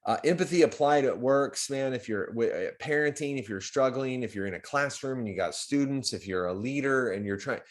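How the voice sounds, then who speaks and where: A man's voice: medium pitch, fairly quick, few pauses. A man hosting a live community stream, talking casually with many restarts and sudden bursts of emphasis. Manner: conversational, repetitive restarts, animated swings in loudness. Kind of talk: casual livestream talk.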